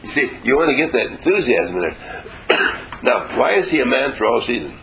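A man leading a motivational seminar, his voice rising and falling widely as he acts out little dialogues and coaxes the room to answer louder. He speaks at a middle pitch to a live audience in a meeting room, with a faint low rumble underneath. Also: big pitch swings, normal speed, vocal fry. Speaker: seminar leader.

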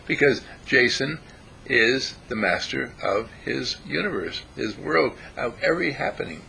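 A man's voice: medium pitch, a little slow, gravelly, a little hiss or hum. A man preaching a sermon, telling stories and acting out the characters in them. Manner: animated, acts out characters in the stories. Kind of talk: sermon with storytelling.

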